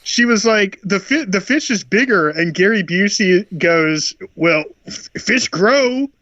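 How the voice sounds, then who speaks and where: A man's voice: high voice, a little slow, fairly bright tone, no room sound. A man on a podcast, chatting loosely about a film and laughing through his stories. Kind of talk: casual movie chat. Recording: dull lo-fi podcast audio.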